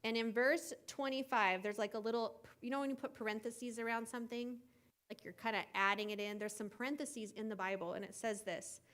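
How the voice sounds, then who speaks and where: A woman teaching children at a camp gathering, retelling a Bible story in a chatty, animated way with asides and filler words. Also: a little high, a little fast.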